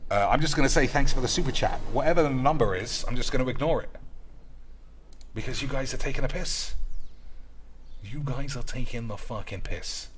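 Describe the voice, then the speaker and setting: A man's voice: mid-range voice, a bit bright, slight background noise. A man live-streaming a card game, bantering sarcastically with his chat and swearing freely. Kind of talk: casual live-stream chat while gaming.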